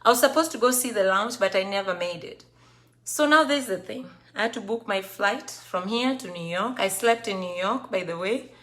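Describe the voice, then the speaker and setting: A woman's voice: mid-range voice, lively intonation, normal speed, a bit bright. A woman with a Kenyan accent hosting a casual live video, chatting with viewers and reading out their comments. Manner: chatty, reads out viewer comments and mixes Swahili phrases into English. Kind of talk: casual live-stream chat.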